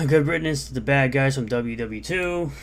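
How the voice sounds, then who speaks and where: Sarcastic commentator in a played clip. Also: male voice, mid-range voice, unhurried, a little hiss or hum. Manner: sarcastic, indignant, exasperated.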